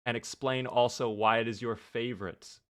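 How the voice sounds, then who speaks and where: A young man commentating his live game stream, excitable and reactive, often thanking viewers. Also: mid-range voice, moderate pace.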